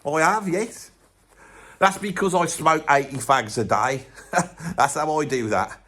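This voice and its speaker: A man's voice: a little high, unhurried, sharp tone. A man playing a grumpy older man from Birmingham with a Birmingham accent, ranting bluntly and swearing in a comic monologue. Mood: grumbling rant. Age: 70s. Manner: blunt, grumbling, swears constantly. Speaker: comic character.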